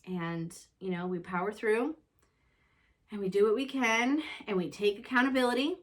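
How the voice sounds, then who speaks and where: Earnest, chatty mom sharing reflections. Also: female voice, mid-range voice, normal speed. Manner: conversational, earnest, self-reflective, leans on "you know". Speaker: mother and show host. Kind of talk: casual reflective chat.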